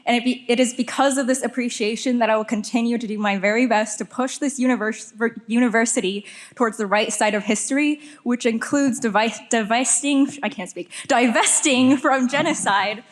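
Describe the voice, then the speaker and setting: A young woman graduate giving an earnest, halting thank-you speech that rises to impassioned calls, speaking on a stage mic at a ceremony. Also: on the high side. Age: young adult. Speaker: graduating student.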